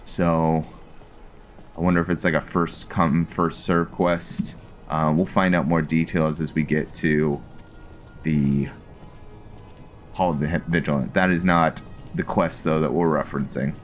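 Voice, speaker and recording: A man with a very low voice and an unhurried pace gives casual commentary as he plays a fantasy game. He thinks aloud in a relaxed way, with plenty of fillers, and faint music plays underneath. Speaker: let's play host.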